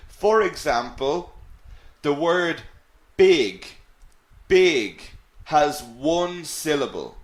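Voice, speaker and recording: A man teaching a live online English lesson, repeating example words slowly and clearly for his learners. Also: on the high side, a bit bright. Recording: echoey room.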